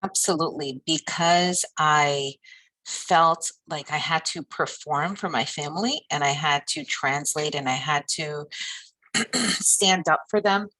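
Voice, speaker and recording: A woman's voice: low-pitched, slow, pushed and bright, rough recording. A woman social worker talking heartfelt and personal in a candid interview.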